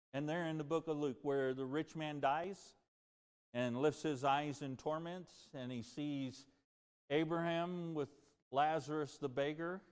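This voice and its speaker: A man preaching a sermon as pastor, earnest and animated, rising and dropping as he speaks. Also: on the high side, big-room sound. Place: church sanctuary.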